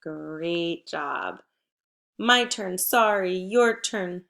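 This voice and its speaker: A woman teacher giving a spelling and phonics lesson to first graders, patient and encouraging, prompting with clear cues. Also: lowish voice, drawn-out words, a bit bright. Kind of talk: phonics lesson for young children.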